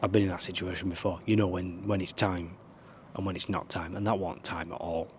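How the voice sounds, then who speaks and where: Sitting low in pitch and delivered flatly at a fairly quick clip, a man's voice offers rambling, earnest life advice to camera from a small camper van, with slight background noise. This vlogger swears now and then.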